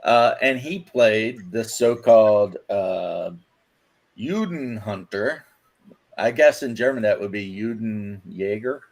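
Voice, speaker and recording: A man's voice: on the low side, takes it slowly. A man telling a story in casual podcast chat, quoting what others said. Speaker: podcast co-host.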